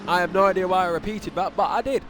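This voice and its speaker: Young man, race commentator, high voice, casual and self-mocking, faint background hum. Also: quick pace, fairly bright tone. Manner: casual, self-deprecating, with restarts and exclamations. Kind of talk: sim racing commentary.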